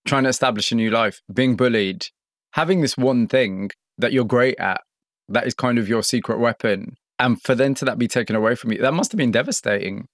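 A male radio presenter narrating a documentary segment in a measured way and asking empathetic questions. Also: mid-range voice, dry recording, studio quality. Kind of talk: scripted narration and interviewing.

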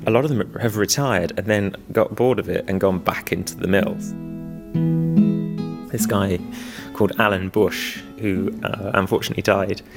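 A man with a low, gravelly voice talks about weaving in a documentary interview. He rambles a little, makes fun of himself and chuckles now and then. His tone stays easy and unhurried. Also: fairly even intonation, loud music behind the voice. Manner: self-deprecating, chuckling, rambling. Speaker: weaver restoring old looms.

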